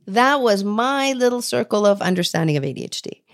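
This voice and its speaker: A woman's voice: mid-range voice, a little fast. A woman in her forties from Canada, an ADHD coach telling her own story in an interview, acting out remembered dialogue. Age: 40s. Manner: expressive, acts out quoted dialogue.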